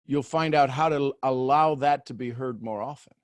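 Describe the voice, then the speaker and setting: A man's voice: mid-range voice, moderate pace, no room sound. A man hosting a coaching call, talking animatedly and acting out inner voices as he guides participants. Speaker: host and coach.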